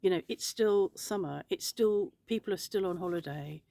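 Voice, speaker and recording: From her home in France, an Englishwoman chats casually to the camera, rambling, speaking her mind and swearing freely. Her voice sits on the low side with a dark tone and vocal fry, at normal speed, with no room sound.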